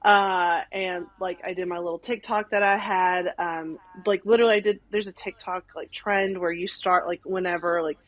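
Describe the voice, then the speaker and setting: A young woman from Arkansas, a podcast guest telling a story in animated casual chat, full of "like" and acted-out quotes. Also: on the low side, moderate pace, few pauses, low-quality recording. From Arkansas, USA. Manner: animated, many "like"s, acts out quotes.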